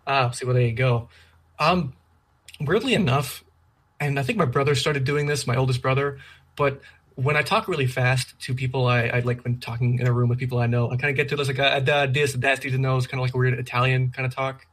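A man from Canada chatting casually over a remote call, talking fast and joking, slurring words together. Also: medium pitch, steady tone, a bit bright. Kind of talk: casual chat.

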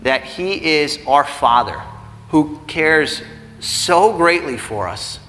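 A man's voice: fairly high pitch, lively intonation, takes it slowly, pushed and bright. A man in his thirties preaching a sermon as a pastor, talking conversationally and building to earnest emphasis. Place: church sanctuary. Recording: reverberant hall with faint music.

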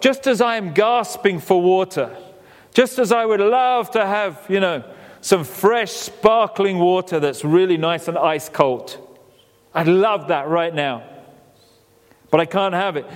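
Man preaching in a reverberant hall. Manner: conversational, acts out quoted voices, drops low and quiet for emphasis. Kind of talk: sermon.

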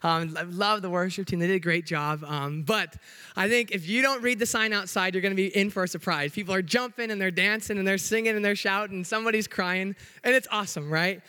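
A young man with a notably high voice delivers a church sermon as a youth pastor. He is bubbly and hyper, cracking jokes with the congregation and working to keep his pace in check. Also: sharp tone, clean tone. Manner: hyper, upbeat and joking, trying to slow down. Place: church sanctuary.

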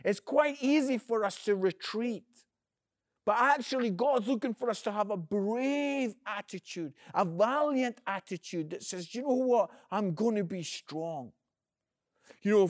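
A man's voice: high-pitched, no room sound, clean studio sound. A man, an evangelist, giving an earnest inspirational video message and calling the listener "friend". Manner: energetic, swings between loud emphasis and quiet.

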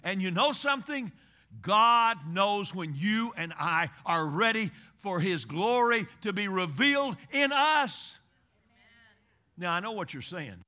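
High-pitched, bright-voiced preacher man. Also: lively intonation, takes it slowly. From Kentucky. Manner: dramatic swings from loud exhortation to hushed intimacy; repeats phrases for emphasis. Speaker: pastor. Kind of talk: sermon.

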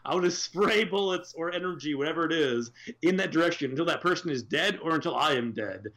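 A man's voice: a little high, animated, fast, fairly bright tone. A man co-hosting a podcast in casual chat, rambling and swearing with many fillers. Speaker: podcast co-host.

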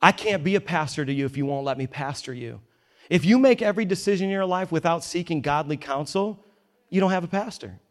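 Male pastor, emphatic sermon delivery, wry asides, a touch higher than typical. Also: animated, a little fast. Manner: emphatic, conversational, joking asides. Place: church in New York.

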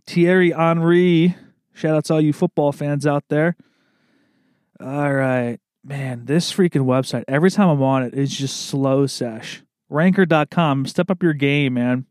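A man's voice: fairly high pitch, darkish tone, no room sound, clean studio sound. A young man with an American East Coast accent, hosting a podcast solo in a rambling, laid-back way and swearing freely. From Maryland, USA. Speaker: podcast host. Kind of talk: casual solo podcast monologue. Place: recording studio.

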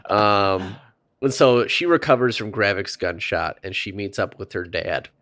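Low-voiced man recapping a show casually. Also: a little slow, dry recording, studio quality. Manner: relaxed, laughing, walks through notes with loose asides. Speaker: podcast co-host. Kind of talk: casual chat recapping a TV episode.

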